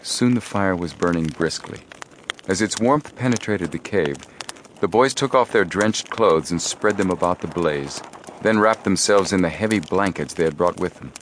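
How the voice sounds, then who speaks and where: A man narrating an adventure story as an audiobook reader, in a measured, steady way. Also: low voice, a little hiss or hum. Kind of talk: scripted narration.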